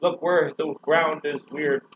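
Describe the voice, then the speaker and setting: A man's voice: on the high side, steady tone, a little slow, fairly bright tone, a little hiss or hum. A man commentating a video game as a joke, hamming up a mock Russian accent. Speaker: let's play co-host. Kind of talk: joking gameplay commentary. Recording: dull lo-fi recording.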